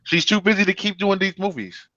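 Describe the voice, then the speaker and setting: A man's voice: high-pitched, animated, a little fast, bright, forceful tone, muffled recording. A man co-hosting a casual movie review chat, joking and laughing often.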